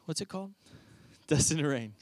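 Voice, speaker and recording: A man preaching with a high-pitched voice, telling the story in a casual, animated way. The sound is dry and close, with no room echo. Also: normal speed. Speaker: pastor. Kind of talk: sermon.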